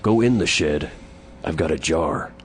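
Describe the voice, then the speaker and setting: Insistent old handyman in his seventies, put on by a man, low grumbling, deep voice. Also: unhurried, a little hiss or hum.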